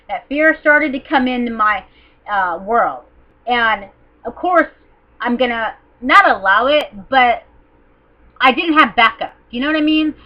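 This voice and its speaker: Earnest woman in her forties, muffled webcam. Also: fairly high pitch. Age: 40s. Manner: earnest, confessional, rambling with many fillers. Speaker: vlogger. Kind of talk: casual personal talk to camera.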